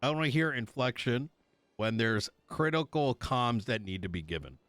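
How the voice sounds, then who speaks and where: A man speaks as a police chief running a roleplay briefing, blunt and heavy on profanity. His voice is mid-pitched and recorded close and dry, with no room around it. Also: expressive, normal speed, a bit bright, dry recording. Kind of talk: streamed roleplay meeting speech.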